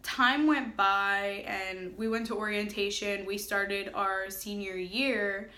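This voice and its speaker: A woman's voice: mid-range voice, steady tone, takes it slowly, bright, forceful tone, echoey room. A young adult woman chatting casually in a storytime vlog, full of filler words and "like". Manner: chatty, filler-heavy, lots of "like". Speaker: family vlogger.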